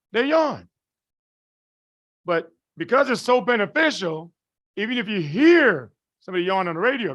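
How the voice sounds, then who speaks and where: Fairly high-voiced man lecturing a class. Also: a bit bright. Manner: keeps checking the class understands, asks rhetorical questions; colloquial, folksy phrasing. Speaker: medical lecturer.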